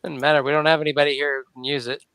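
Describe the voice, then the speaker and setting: A man in casual gaming chat, tossing in quick teasing remarks. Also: on the high side, flat delivery, sharp tone, clear, resonant tone. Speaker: tabletop game player.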